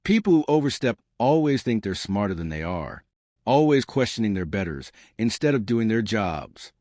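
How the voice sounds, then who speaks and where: Guy doing cold rich dad villain, clipped and condescending, lowish voice. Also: big pitch swings, normal speed, darkish tone, no room sound, studio quality. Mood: cold menace. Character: wealthy middle-aged man, cold and menacing.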